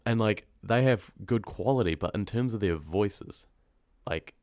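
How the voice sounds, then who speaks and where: A man's voice: fairly low pitch, a little slow, a little mellow, no echo, clean studio sound. A young man with a New Zealand accent chatting casually with his livestream viewers, rambling and often trailing off mid-thought. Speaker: horror story narrator chatting on a livestream.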